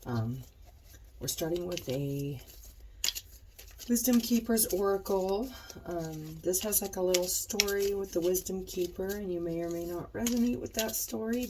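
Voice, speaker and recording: A woman's voice: lowish voice, unhurried, background noise. A woman doing a casual tarot reading with a stuffed-up, nasal voice, rambling with many ums and likes. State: stuffed-up nose. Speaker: tarot reader.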